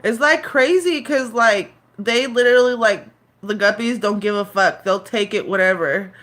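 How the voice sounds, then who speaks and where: A woman's voice: mid-range voice, normal speed, a bit bright. A woman in her thirties chatting casually on a live stream, loose and profane, rambling with lots of fillers and restarts.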